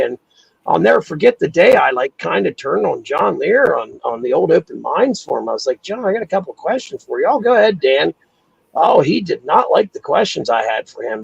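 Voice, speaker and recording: A man hosting a casual chat, telling animated, profane stories and acting out quotes. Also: a little high, vocal fry, slightly rough, no room sound, dull audio. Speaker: podcast host.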